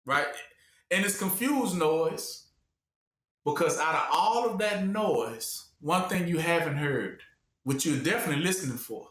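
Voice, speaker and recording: A man's voice: a little high, expressive, unhurried, fairly bright tone. A man preaching a call-and-response sermon, asking the room to finish his sentences and acting out voices. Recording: echoey room.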